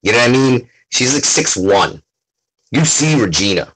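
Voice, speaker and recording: Brief: excitable male comic artist on a call, husky voice, lively pitch swings. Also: moderate pace, low-quality recording. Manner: excitable, repeats "you know what I mean". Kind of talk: casual chat.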